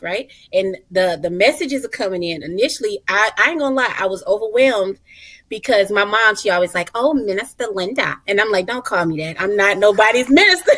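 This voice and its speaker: A woman in her thirties, a guest on a talk show, telling stories in a lively, colloquial and expressive way. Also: on the high side. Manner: animated, expressive storyteller, colloquial. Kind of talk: casual talk-show chat.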